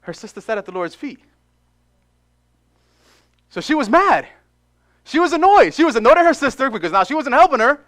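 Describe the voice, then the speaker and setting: A male pastor preaching a sermon in an animated way, acting out short dialogues and repeating phrases for emphasis. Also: very high-pitched, a little fast, long pauses. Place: church.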